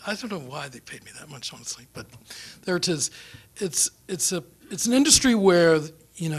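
A middle-aged man from New Zealand with a New Zealand accent, giving an after-dinner foreign policy talk as a guest speaker, rambling and self-deprecating as he tells anecdotes. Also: high voice. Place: lecture room or dinner venue.

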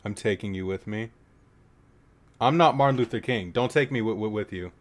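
A man making jokey, profane reaction commentary on a horror game, trading mumbled asides for sudden shouted outbursts. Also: lowish voice, moderate pace.

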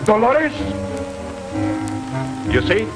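An excitable suitor. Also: male voice, fairly high pitch, normal speed, low-quality recording. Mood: indignant. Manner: emphatic, sing-song, broken English. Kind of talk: 1940s film comedy acting. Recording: old film soundtrack with music.

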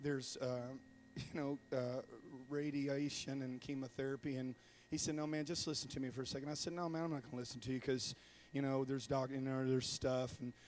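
A man preaching in a church as a traveling evangelist, telling comic stories with acted-out voices and sudden shouted bursts. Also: medium pitch, fairly quick, few pauses, a little hiss or hum. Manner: animated, acts out voices with loud shouted bursts and laughter. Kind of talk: comedic sermon storytelling.

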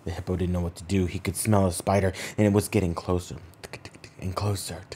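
Deep-voiced man telling a bedtime story. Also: level tone, a little fast. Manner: hushed, dropping to whispers for suspense. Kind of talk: improvised children's bedtime story.

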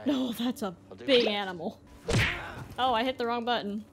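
A woman's voice: fairly high pitch, moderate pace, gravelly, noisy background. A woman giving jumpy, exclaiming commentary as she plays a video game and talks back to it. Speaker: gameplay streamer. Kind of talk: let's play commentary.

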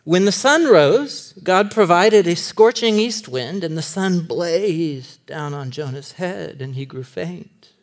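A man teaching a group, his voice sitting a little high and leaping up and down as he plays the story for laughs. He chuckles often and speaks like a storyteller. He sounds to be in his thirties. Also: slow pace, few pauses. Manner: animated and comic, laughing as he tells the story. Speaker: Bible teacher. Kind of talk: teaching a sermon series to a live group.

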